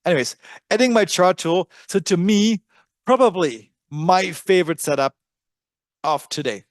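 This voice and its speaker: A man with a high voice and a German accent speaks a little slowly while hosting a live screen-share trading webinar. The studio-quality audio has no room sound, and his delivery is casual, full of fillers, as he thinks things through aloud.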